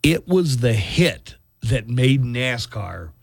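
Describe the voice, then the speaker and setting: A man's voice: mid-range voice, very animated, slow, creaky, slightly rough, dry recording, studio quality. A man hosting a morning radio show in casual, joking banter.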